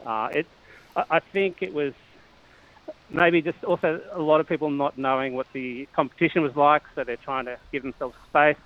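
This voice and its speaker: A man's voice: on the high side, steady tone, moderate pace, lo-fi sound. A middle-aged Australian man, a cycling coach guest, talking casually with lots of fillers and restarts. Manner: hesitant, many fillers and restarts, chuckles often. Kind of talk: casual interview chat.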